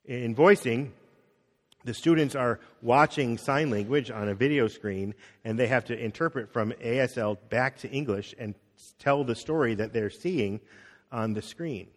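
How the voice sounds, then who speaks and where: Middle-aged male pastor, relaxed sermon, plain mid voice, reverberant church hall. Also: mid-range voice, moderate pace. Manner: conversational, acts out quotes, drops soft on key words.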